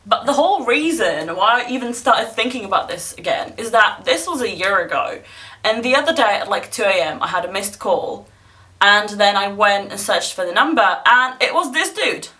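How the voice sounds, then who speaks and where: A woman's voice: medium pitch, lively intonation, normal speed, bright, forceful tone, far from the mic. A young woman vlogger casually retelling a story, blunt, sarcastic and full of swearing, recorded a bit away from the mic. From not from England, living there.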